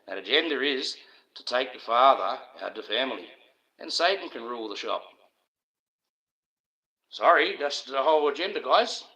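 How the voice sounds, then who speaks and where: A middle-aged Australian man hosts his own livestream in a loose, rambling monologue. His voice is bright and forceful. He sounds aggrieved and conspiratorial, and he keeps turning to address his viewers directly. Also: medium pitch, expressive, moderate pace, pauses often, highs cut off. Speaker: livestream host.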